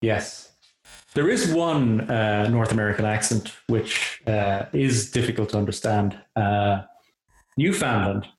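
A man's voice: on the low side, a little slow, a little hiss or hum. Irish man hosting in an echoey room. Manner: rambling, many restarts, friendly. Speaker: host. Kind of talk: casual interview chat. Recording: roomy echoey audio.

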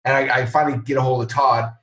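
A middle-aged man, a company founder, telling a story in a casual interview and acting out the people he quotes. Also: fast. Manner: animated, acts out quoted voices in a higher pitch. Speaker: founder and CEO of a software company. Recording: roomy sound, a bit off-mic.

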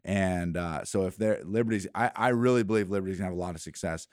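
A man's voice: sits low, fast, no echo, studio quality. A man co-hosting a sports talk show, telling stories and acting out plays. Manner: storytelling, animated when acting out plays.

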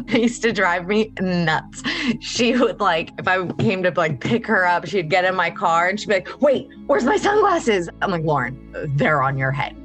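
A woman interviewed about a close friend, animated and acting out little quoted exchanges. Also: lowish voice. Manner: animated storyteller, acts out quotes. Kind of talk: documentary interview.

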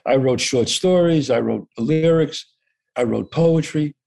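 A guest actor with a slightly high, creaky voice tells a story from his life, unhurried and casual yet lively. He voices the people he quotes and swears freely throughout.

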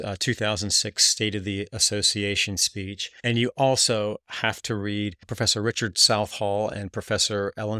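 A man's voice: lowish voice, bright, forceful tone, no room sound, studio quality. A man hosting a podcast, giving earnest analytical commentary that builds in emphasis, with occasional restarts. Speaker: podcast host.

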